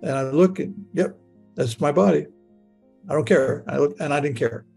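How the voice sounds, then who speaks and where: Gravelly older man, stammering storyteller. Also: a little high, darkish tone, soft background music. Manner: stammering, repeating words, halting restarts. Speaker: near-death experience storyteller. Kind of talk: personal storytelling in present tense.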